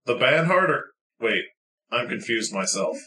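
A man's voice: medium pitch, sing-song, a little slow, pushed and bright. A man co-hosting a comedy podcast, playful and easily confused in casual banter. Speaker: podcast co-host.

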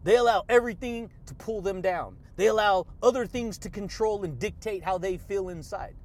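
Fired-up high-voiced motivational man. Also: moderate pace. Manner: hyped, shouting catchphrases and laughing often. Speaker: podcast host. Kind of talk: motivational podcast monologue.

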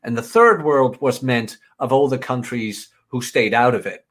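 A man at a middle pitch, co-hosting a casual talk show. He chimes in with dry, matter-of-fact remarks. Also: moderate pace, fairly bright tone. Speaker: podcast co-host. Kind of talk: casual chat.

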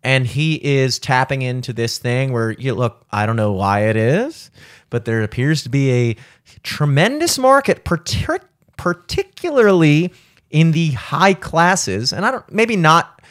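A man's voice: medium pitch, big pitch swings, a little slow, a bit bright. A man on a casual podcast, rambling and swearing, full of fillers and restarts. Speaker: podcast co-host.

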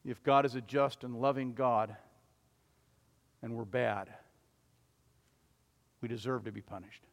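A man's voice: medium pitch, unhurried, creaky. Devout sister pleading with a dying brother, as a preacher puts her on; urgent and earnest, reverberant church. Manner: urgent, pleading, rising to loud.

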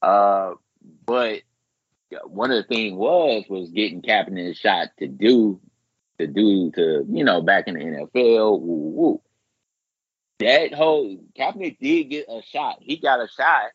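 Husky man ranting on a podcast. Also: measured pace, no room sound. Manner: rambling, profane, animated quoting with big pitch jumps. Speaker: podcast co-host. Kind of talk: casual chat. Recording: muffled lo-fi podcast audio.

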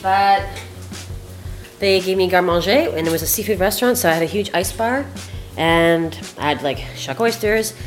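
A woman chef telling stories casually while cooking in a kitchen, animated and swearing freely. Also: lowish voice, moderate pace, soft background music. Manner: animated, profane, chatty. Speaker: chef, guest.

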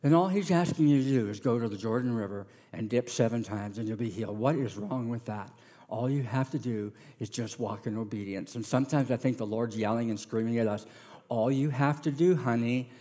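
A middle-aged man preaching a sermon as a pastor, animated and acting out the voices of the people in his story. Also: medium pitch, fairly quick, in a large hall. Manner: animated, acts out voices of characters.

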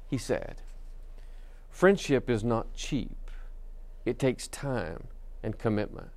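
A man's voice: mid-range voice, takes it slowly, pauses often, dry recording. A male pastor giving a sermon, telling a story in a conversational way with many fillers and restarts.

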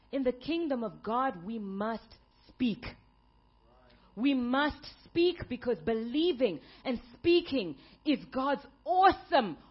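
A woman's voice: on the high side, breathy edge, dull audio. A woman pastor preaching a sermon, telling a story with playful humor before moving into teaching. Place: church service.

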